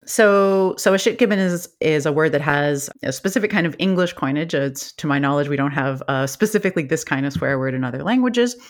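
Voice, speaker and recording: An academic guest talks through a research topic with an enthusiastic, laughing manner, often jumping up in pitch. The voice sits at a middling pitch and sounds like easygoing podcast chat. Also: fairly quick, hardly any pauses. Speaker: linguist guest. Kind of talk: animated academic podcast interview.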